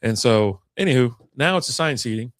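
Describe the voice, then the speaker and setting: A man co-hosting a casual podcast chat tells a long, rambling, profane story, acting out what people said. His mid-range voice is expressive and a little fast. The sound is clean studio audio with no room sound.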